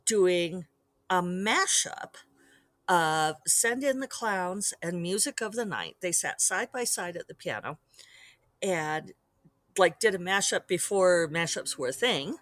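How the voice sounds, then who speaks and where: A woman author talking through her work on her own podcast in a chatty, rambling way, with quick asides. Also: fairly low pitch, a bit bright, no room sound. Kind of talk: casual solo podcast monologue.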